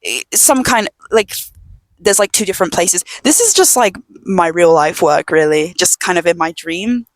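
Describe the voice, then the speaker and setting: Young female podcast host, lowish voice, loose rambling chat at home, dry close sound. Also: animated, moderate pace, no room sound. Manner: rambling, filler-heavy storytelling with many "like"s; drops to a hush at times. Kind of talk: casual chat.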